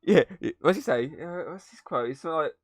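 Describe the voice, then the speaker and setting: A man's voice: a little high, lively intonation, moderate pace, crowd noise. A man hosting a podcast, reviewing a movie in casual chat, swearing freely and laughing at scenes. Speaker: podcast host.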